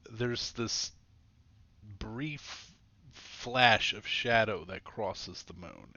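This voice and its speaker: Gravelly, lively-voiced male game master. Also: on the low side, lo-fi sound. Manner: rambling, self-correcting, laughs easily. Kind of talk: narrating a tabletop game.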